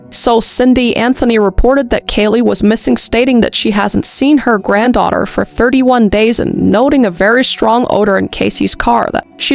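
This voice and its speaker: A woman's voice: on the high side, vocal fry. A young adult woman hosting a podcast, telling a true-crime story in a casual, chatty way with snarky asides and lots of "like.". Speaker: podcast host.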